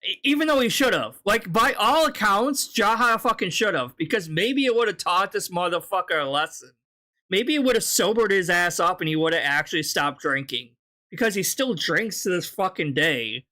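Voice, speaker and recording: A man's voice: high voice, lively intonation, moderate pace, sharp tone. A man hosting a reaction video, commenting with scornful, profane sarcasm.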